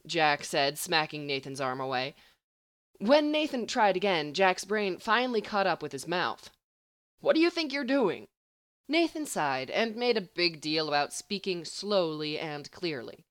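A woman's voice: fairly low pitch, no room sound. A woman narrating a story aloud, reading expressively. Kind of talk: audiobook-style story reading.

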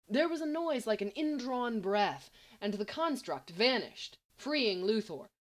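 A woman's voice: on the high side, very animated, measured pace. Woman reading a story aloud. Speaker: story reader. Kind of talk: read-aloud fan fiction narration.

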